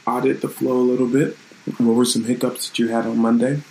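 A man's voice: medium pitch, little pitch movement, fairly quick, warm tone, slight background noise, rough recording. A man hosting his own channel, talking in a loose, rambling and reflective way in a casual live-streamed vlog from his room at home.

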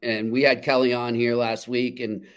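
A man from Massachusetts co-hosting a podcast, agreeable and quick to laugh. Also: mid-range voice, flat delivery. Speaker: podcast co-host. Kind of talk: casual podcast chat.

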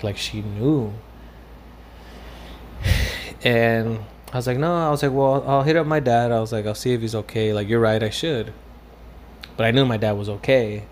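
A man's voice: on the low side, slight background noise. A young man telling a story in a casual, rambling way, full of fillers and swearing, slipping into Spanish phrases now and then. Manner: profane, rambling with many fillers.

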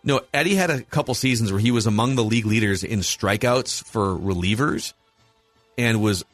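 On a casual sports podcast, a forties-aged man with a Minnesota accent eagerly works through his rankings with real enthusiasm. His voice is lowish and moderately paced, with no echo and faint music playing behind him.

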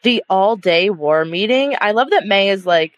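A woman's voice: medium pitch, moderate pace. A young woman co-hosting a casual rewatch podcast, talking emphatically with lots of fillers. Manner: animated, emphatic, filler-heavy. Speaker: podcast co-host.

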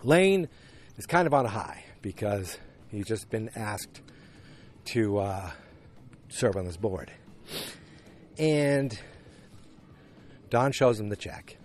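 A man's voice: on the low side, expressive, takes it slowly, a little mellow. A man casually recapping a TV episode, rambling with lots of fillers and restarts. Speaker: show recapper. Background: dogs barking.

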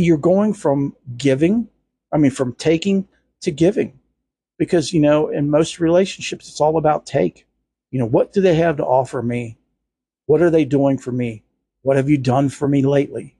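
A man hosting a spiritual talk show, speaking in a gentle, earnest way with many "you know" fillers. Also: medium pitch, vocal fry, breathy edge, no room sound. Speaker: podcast host.

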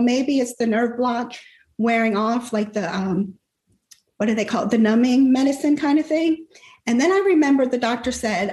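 A woman's voice: on the high side, a little mellow. Emotional middle-aged woman, echoey room. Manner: earnest, emotional retelling with quoted inner thoughts. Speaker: guest telling her story. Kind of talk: personal testimony in an interview.

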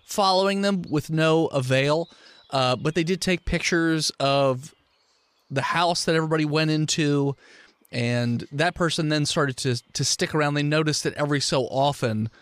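A man's voice: a little high, moderate pace, a bit bright, no echo. A man running a tabletop game, explaining the setup in a loose, rambling way. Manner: loose, rambling, with restarts and laughs. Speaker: game master. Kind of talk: narrating a tabletop game, casual chat.

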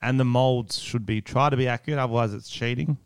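A man's voice: mid-range voice, steady tone, brisk, clean tone, no room sound, clean studio sound. A man co-hosting a podcast, chatting casually and ranting bluntly with lots of swearing. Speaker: podcast co-host. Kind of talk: casual chat.

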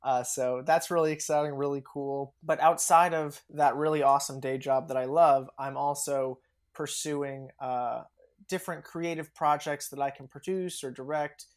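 Young adult guest, casual chatty storyteller, laughs a lot, mid-pitched voice. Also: fairly even intonation, normal speed. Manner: chatty, laughs often, many fillers. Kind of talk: casual podcast interview.

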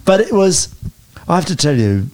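A man telling lively personal stories as an interview guest, often stumbling and restarting mid-sentence. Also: sits high, normal speed. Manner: animated anecdotes with hesitant restarts. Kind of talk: storytelling interview chat.

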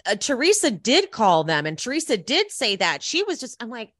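Female podcast host, energetic rants, voice swings up and down, dry close mic. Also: on the high side, moderate pace, no room sound. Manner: animated, exasperated, swears freely. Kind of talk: casual chat.

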